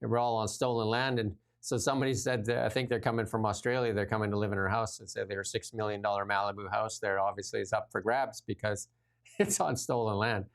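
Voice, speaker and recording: A man's voice: lowish voice, fairly even intonation, a little fast. A man hosting a political talk show, talking bluntly and animatedly in casual chat with frequent laughs. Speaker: show host.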